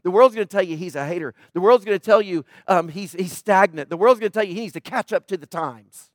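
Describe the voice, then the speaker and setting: A man's voice: high voice, fast talker, no room sound, clean studio sound. A man preaching a sermon in church, urgent and emphatic, driving his points home through repetition. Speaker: pastor.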